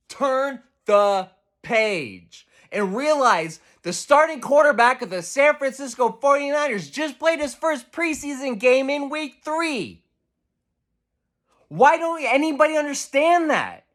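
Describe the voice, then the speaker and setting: A man's voice: very high voice, fairly bright tone. A man, a sports radio host, delivering a heated, profane football rant full of exasperation.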